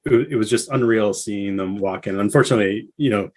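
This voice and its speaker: A man guest on a casual podcast, telling a story with animated bursts when he quotes people. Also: fairly quick. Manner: animated storyteller, acts out quotes with rising pitch.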